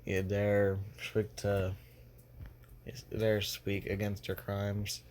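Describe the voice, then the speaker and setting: A man's voice: fairly low pitch, a little hiss or hum. A man doing a scornful accusing king. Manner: halting, full of fillers even in character. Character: haughty adult male king, accusing and contemptuous.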